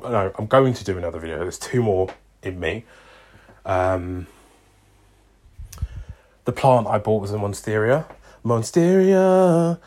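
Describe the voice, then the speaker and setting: A young man chatting casually to camera in a vlog, rambling with lots of ums, restarts and self-corrections. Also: medium pitch. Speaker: vlogger.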